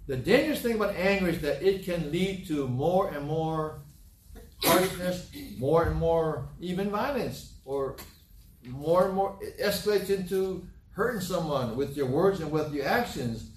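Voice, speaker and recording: A man's voice: a little high, moderate pace. A middle-aged man preaching a sermon as pastor, telling homely stories with a folksy, repetitive manner. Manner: folksy storytelling, repeats himself. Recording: roomy, from a distant mic, faint ambience.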